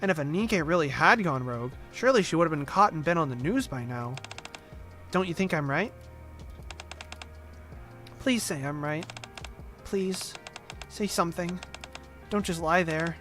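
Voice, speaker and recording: A man's voice: lively intonation, unhurried, pauses often, a bit bright, soft background music. A man voicing a young girl who talks to her injured father, his normal voice raised a little with an upward lilt. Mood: wistful. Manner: slightly raised pitch with upward inflection.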